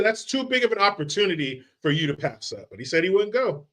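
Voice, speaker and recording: A man's voice: high voice, very animated, a little fast, a bit bright. A man hosting a live commentary stream, ranting in a casual, mocking and profane way. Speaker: livestream host.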